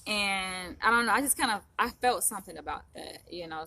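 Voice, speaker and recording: A woman's voice: medium pitch, lively intonation, moderate pace, pushed and bright. A woman vlogger talking casually to her viewers, rambling with lots of fillers like "you know" and "like". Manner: chatty, rambling, full of fillers. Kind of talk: casual chat to camera. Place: in Los Angeles.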